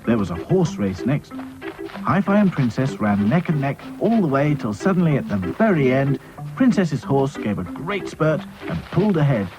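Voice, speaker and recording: A man narrating a children's cartoon story with gentle, expressive storytelling. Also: mid-range voice, normal speed, music in the background.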